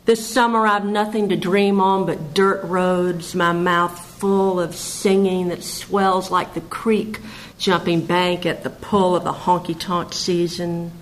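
Woman poet, low voice, very slow measured recitation, faint background hiss. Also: flat delivery, rough recording. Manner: slow, measured recitation with hesitant asides between poems. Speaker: poet reading her own work. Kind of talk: poetry reading.

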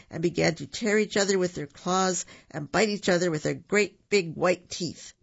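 Gravelly man reading a children's story. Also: a little high. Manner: animated, with some stumbles and self-corrections. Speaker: storyteller and radio host. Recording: dull lo-fi radio recording.

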